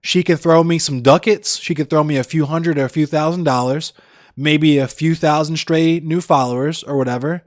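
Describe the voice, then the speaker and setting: A man's voice: fairly high pitch, fairly even intonation, moderate pace, no room sound, studio quality. Profane, blunt American man streaming. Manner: blunt, heavily profane, rambling. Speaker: live streamer. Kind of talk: casual live-stream chat answering viewers. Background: faint music.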